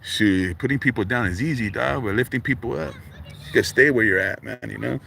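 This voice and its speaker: Mid-range, creaky and sharp in tone, this middle-aged livestream host speaks briskly. He keeps it casual in street slang, tossing in "man" and "dog" constantly, with faint noise in the background.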